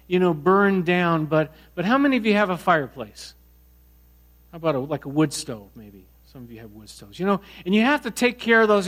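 A middle-aged man preaching a sermon, telling a personal story in a conversational, animated way with many restarts. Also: high voice. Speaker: pastor.

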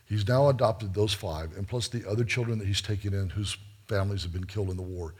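Husky-voiced man preaching a sermon. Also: lowish voice. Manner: earnest, addresses listeners as guys. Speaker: preacher and missionary. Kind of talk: sermon storytelling.

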